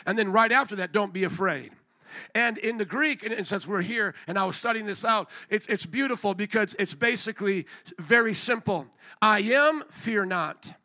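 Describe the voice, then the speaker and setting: A male pastor preaching a sermon in a lively, conversational way, calling out to the congregation. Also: high-pitched. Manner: lively, conversational preaching with crowd call-outs.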